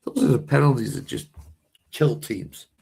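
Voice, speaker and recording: A man's voice: mid-range voice, animated, normal speed, creaky, dark tone, husky. A man with a Boston accent, co-hosting a casual sports watch-along, opinionated and often restarting his sentences. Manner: opinionated, repeats and restarts phrases. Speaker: co-host.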